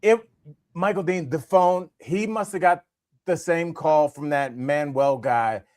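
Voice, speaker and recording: Higher-voiced man telling a rambling anecdote. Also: measured pace, no room sound, clean studio sound. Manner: rambling, animated anecdote with many fillers. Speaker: podcast co-host. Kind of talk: casual comedic storytelling.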